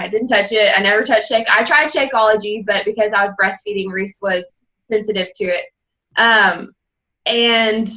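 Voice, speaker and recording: A woman's voice: mid-range voice, sharp tone, muffled recording. A young woman on a team call who tells her personal story candidly and rambles a little, acting out the people she quotes. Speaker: guest speaker and fitness coach.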